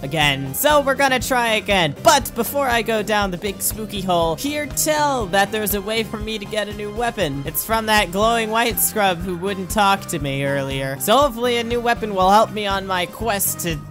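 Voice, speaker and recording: A young woman doing let's play commentary, excitable and goofy, often yelping and laughing. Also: medium pitch, normal speed, hardly any pauses, over music. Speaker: gameplay commentator.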